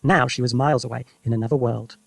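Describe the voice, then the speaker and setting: Man, storybook narration, husky, dry close recording. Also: medium pitch, quick pace, no echo. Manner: lively, expressive narration. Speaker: reader. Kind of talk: storybook read-aloud for English learners.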